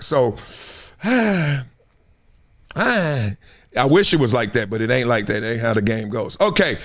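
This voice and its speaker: A middle-aged man from Compton, hosting an animated live-stream sports talk show and acting out quoted voices with frequent laughs. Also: medium pitch, takes it slowly, pauses often. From Compton, Los Angeles.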